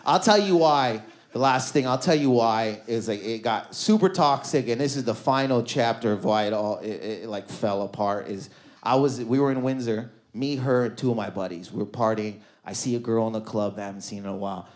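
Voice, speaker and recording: A man's voice: lowish voice, fairly quick. A man with a Canadian accent performing stand-up on a comedy club stage, telling stories and acting out the voices of the people in them. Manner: animated storytelling, acting out voices.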